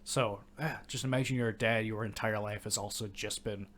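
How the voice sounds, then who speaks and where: A man from Michigan co-hosting a casual movie podcast, telling stories in a relaxed, trailing way. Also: fairly low pitch, fairly quick. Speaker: podcast co-host.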